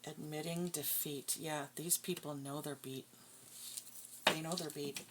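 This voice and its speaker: Brief: low-pitched woman reading tarot, blunt and foul-mouthed, loud shuffling and crinkling noise behind. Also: steady tone, unhurried. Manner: blunt, profane, scornful. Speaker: tarot reader.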